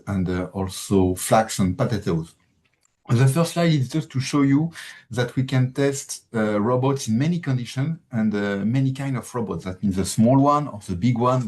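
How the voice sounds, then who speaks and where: A man with a French accent, French his first language, gives a halting webinar presentation full of fillers. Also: fairly low pitch. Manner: halting, many fillers, uneven loudness. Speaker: presenter from a crop institute.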